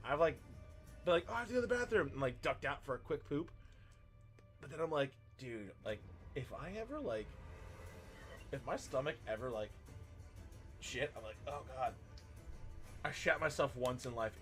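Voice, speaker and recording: A man in his thirties, talking at a fairly high pitch, chats loosely into his stream mic. His voice rises and falls a lot while he tells a story, and he swears and laughs as he goes. Faint music plays under him. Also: fairly bright tone. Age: 30s. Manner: profane storytelling, laughing often. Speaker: streamer and teacher. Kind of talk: casual stream chat.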